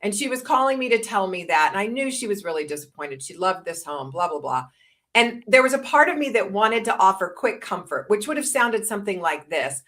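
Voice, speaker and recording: A woman's voice: on the high side, sing-song, moderate pace, a bit bright. A woman in her fifties presenting a listening course, explaining tips in a casual webinar talk and acting out example lines.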